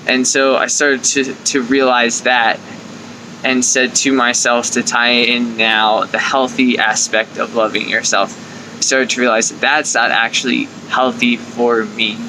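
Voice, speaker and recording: Young male vlog host, bright and tense tone, chatty coaching delivery that acts out inner voices. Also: mid-range voice, measured pace, slight background noise, rough recording. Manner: conversational, acts out inner thoughts with lively quoted asides. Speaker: life coach and video host. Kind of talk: casual talking-to-camera advice.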